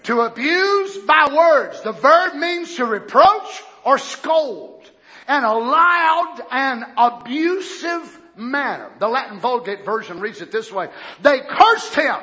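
A male preacher delivering a fiery sermon, moving from quiet explanation to shouting. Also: extremely high pitch, lively intonation, slow, lo-fi sound.

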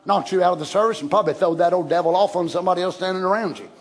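Man preaching, very high voice, folksy and fiery, shouts often. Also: very fast. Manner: animated, shouting bursts, folksy asides. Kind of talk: Pentecostal-style sermon.

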